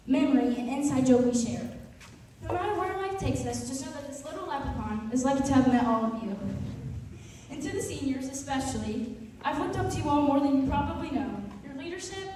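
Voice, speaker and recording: Teenage girl, choir student, shaky heartfelt speech; high voice in a big reverberant room. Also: mellow, a little hiss or hum. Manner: nervous, heartfelt, near tears. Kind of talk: reading a farewell speech. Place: large echoey concert hall. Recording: echoey hall, distant mic.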